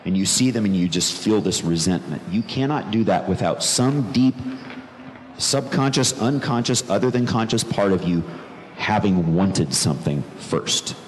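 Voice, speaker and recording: A man's voice: fairly low pitch, lively intonation, moderate pace. A man telling a personal story in an earnest, reflective way, repeating phrases for emphasis. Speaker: speaker telling his conversion story. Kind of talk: personal testimony talk. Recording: long reverb in a large room, faint background noise.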